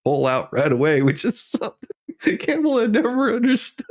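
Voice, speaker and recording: A man's voice: high voice, big pitch swings, moderate pace, pitched above the performer's own voice. A man voicing a muddled, smug elderly male president who rambles, blames others and drifts off topic.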